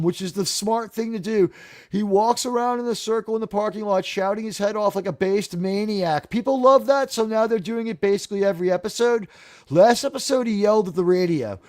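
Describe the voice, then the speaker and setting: High-voiced, rambling, profane man. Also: a little mellow, no echo, clean studio sound. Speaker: talk show host. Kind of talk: casual live commentary.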